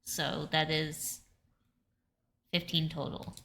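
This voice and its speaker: A woman's voice: low voice, flat delivery, slow, a bit bright, slight background noise. A woman playing a tabletop role-playing game, eagerly pressing the game master with questions. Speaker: player.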